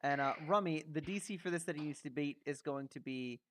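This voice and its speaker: A man's voice: fairly high pitch, brisk, soft background music. A man running a tabletop game as game master, narrating casually with plenty of swearing. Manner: casual, swearing, laughing often.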